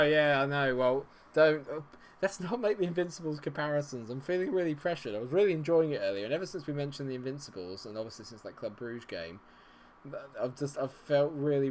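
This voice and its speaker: A man commentating live on his own football management game. He is dry and sarcastic, and his mid-pitched voice sits over a faint hiss of background noise. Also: a little mellow. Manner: exasperated, sarcastic, swings from grumbling to cheering. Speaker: gaming streamer.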